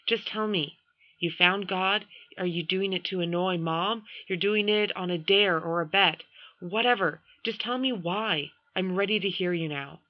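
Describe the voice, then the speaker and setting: A woman's voice: lowish voice, a little slow, dry recording, natural voice. Brief: woman reading earnest teen boy, direct and a bit exasperated; muffled lo-fi audiobook. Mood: pleading. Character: earnest teenage boy, narrator of the story.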